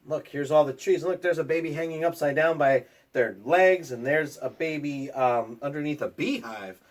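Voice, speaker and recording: A man teaching a library class for children, explaining picture books and reading one aloud with lively shouted lines. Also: on the high side, moderate pace. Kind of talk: storybook read-aloud lesson.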